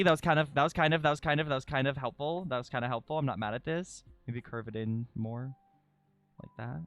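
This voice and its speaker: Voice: medium pitch, fast talker, a bit bright, soft background music. A live streamer chatting casually while drawing, dramatic and self-critical, who swears freely.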